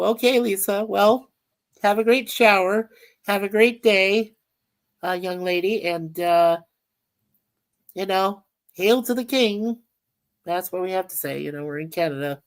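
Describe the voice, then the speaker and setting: A woman hosting a casual livestream chat, rambling and reading viewer comments aloud. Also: mid-range voice. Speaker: livestream host.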